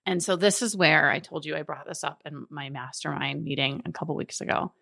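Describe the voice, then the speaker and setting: A woman's voice: low voice, steady tone, brisk, gravelly, sharp tone, no echo, studio quality. A woman in her thirties hosting a solo coaching podcast, earnest and encouraging, often laughing as she talks. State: briefly emotional.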